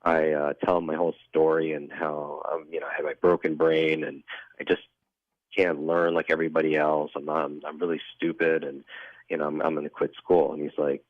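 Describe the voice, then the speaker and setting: A man being interviewed as a guest, telling a personal story in an earnest, reflective way, often halting and restarting. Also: rumbling low, little pitch movement, dry recording. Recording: dull lo-fi dry recording.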